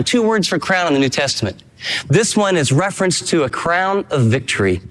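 A man delivers a sermon with emphatic, animated preaching. His voice sits high and leaps all over its range. Long reverb from a large hall trails behind each phrase. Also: a little fast. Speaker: pastor.

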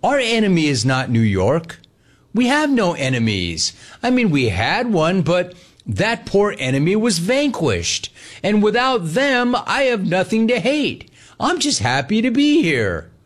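A man's voice: a little high, sing-song, a little slow. A man hosting a sports talk radio show, emphatic and riffing on callers.

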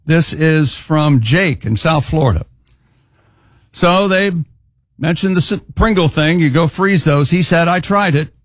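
Male radio co-host, husky and a bit high, jokey delivery on letters, dry studio sound. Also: measured pace, no echo. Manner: wisecracking, laughs often. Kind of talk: casual radio banter, reading listener letters.

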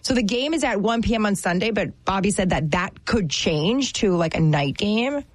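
A woman from New Jersey co-hosting a casual chat, talking in a chatty, animated way full of fillers. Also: medium pitch, moderate pace, no room sound.

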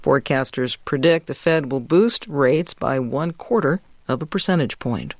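A man reading a radio news bulletin in a measured, clipped newsreader delivery. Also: medium pitch, expressive, no echo. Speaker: newscaster. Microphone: studio mic.

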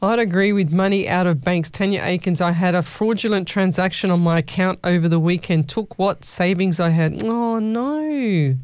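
A woman's voice: lowish voice, moderate pace, few pauses, clear, resonant tone, no echo. A woman hosting a casual call-in radio show, chatty and familiar, calling listeners "lovey". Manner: chatty, warm-hearted, calls listeners "lovey". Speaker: radio host. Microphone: studio microphone.

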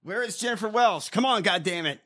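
Man, profane political ranter, lively swooping pitch, bright edgy tone. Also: a little fast. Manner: ranting, swears constantly. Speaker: co-host. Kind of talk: profane political comedy chat.

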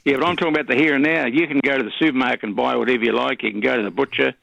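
A man, a regular caller chatting on radio in a rambling, halting way with many fillers. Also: mid-range voice, fairly even intonation, vocal fry, fairly bright tone, no room sound. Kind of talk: casual radio chat. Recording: dull lo-fi radio audio.

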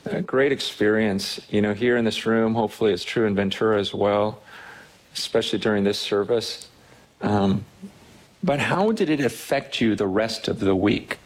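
A pastor preaching to his church, earnest and animated, often repeating words as he builds. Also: fairly low pitch, moderate pace. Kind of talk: sermon. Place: church hall.

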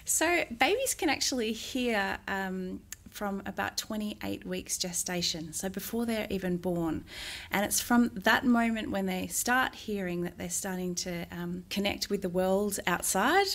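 A middle-aged woman, a music therapist, answering interview questions in a gentle, measured way with frequent "um" pauses. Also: mid-range voice.

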